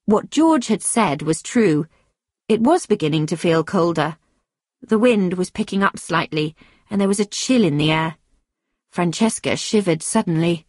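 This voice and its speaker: A woman reading a story aloud in a steady, clear storytelling manner. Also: lowish voice, normal speed, no room sound, clean studio sound. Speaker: narrator.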